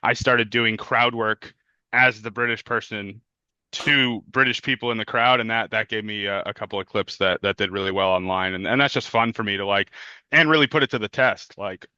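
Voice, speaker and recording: A man with a low, bright, clear voice, chatting easygoingly as an interview guest, padding his talk with "yeah" and "like" and laughing along. The sound is dry and a little dull. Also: moderate pace, dry recording. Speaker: comedian guest. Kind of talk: casual interview chat.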